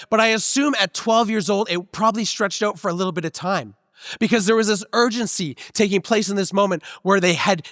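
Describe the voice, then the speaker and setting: Man, pastor, high voice, conversational sermon, close dry mic, long hall reverb. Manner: conversational, relaxed preaching with personal stories. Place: church sanctuary.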